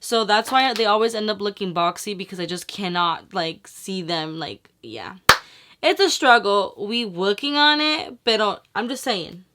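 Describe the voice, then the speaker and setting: Bright-voiced chatty woman vlogger. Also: medium pitch, lively intonation, moderate pace. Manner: chatty, rambling, slangy, swears freely. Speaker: beauty vlogger. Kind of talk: casual makeup tutorial chat.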